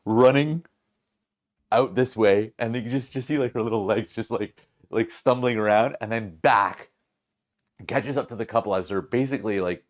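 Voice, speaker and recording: A man hosting a podcast, telling a story casually, rambling with many fillers, restarts and laughs. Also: fairly low pitch. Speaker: podcast host.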